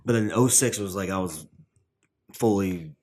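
A young man with a fairly low voice chats casually, trailing off into fillers and restarts. He swears loosely and talks in a relaxed, rambling way. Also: normal speed. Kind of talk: casual chat.

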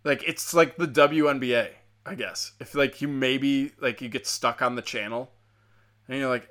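Rambling, profane young man, bright voice. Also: mid-range voice, steady tone, moderate pace. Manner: casual, profane, many filler likes. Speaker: podcast host. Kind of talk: rambling solo podcast monologue.

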